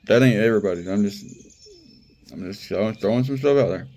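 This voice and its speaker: A man's voice: on the low side, brisk, a little mellow, slight background noise. A man giving a casual, conversational sermon, repeating phrases for emphasis and laughing now and then. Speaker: preacher.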